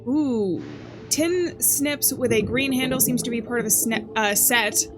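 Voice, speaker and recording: A woman hosting a let's play, chatting casually and thinking aloud as she plays, with excitable gasps. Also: on the high side, a little slow. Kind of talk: casual gameplay commentary. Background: game music.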